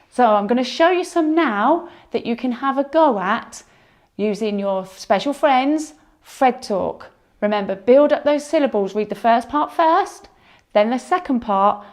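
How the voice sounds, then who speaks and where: A woman teaching a phonics lesson to young children, sounding out words slowly and encouraging them. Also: a little high, a little mellow. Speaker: primary school teacher.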